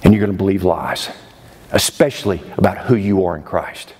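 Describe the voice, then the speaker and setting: A man's voice: sits low, fairly quick, a little mellow, husky, big-room sound. A male preacher delivering a sermon in an emphatic way, often exclaiming in disbelief. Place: church sanctuary.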